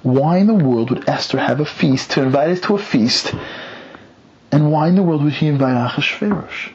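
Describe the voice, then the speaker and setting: A man teaching through an animated, conversational retelling of a story, with dramatic asides. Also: fairly high pitch, normal speed, muffled recording.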